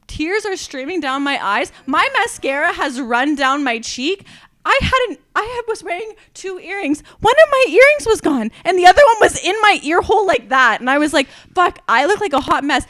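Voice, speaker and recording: High bright young woman telling a story. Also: normal speed, dry recording. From Canada. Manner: animated, swearing, laughing through her story. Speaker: podcast co-host. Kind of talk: casual storytelling chat.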